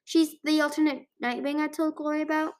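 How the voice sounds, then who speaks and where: Lady doing a nervous clever young boy dragon, earnest, a bit high, storybook voice. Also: level tone, fairly quick, darkish tone, natural voice.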